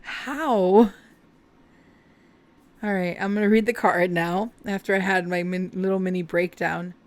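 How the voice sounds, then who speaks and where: A woman doing a casual tarot reading for her viewers, speaking slowly and taking her time. Her voice sits a little low. She sounds heartfelt and openly emotional as she addresses them directly. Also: fairly even intonation. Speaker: tarot reader.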